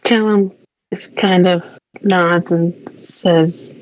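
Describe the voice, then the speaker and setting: A woman's voice: on the low side, steady tone, takes it slowly, no echo, low-quality recording. A woman playing a tabletop game, narrating her character's actions hesitantly. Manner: hesitant, soft-spoken narration. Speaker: player.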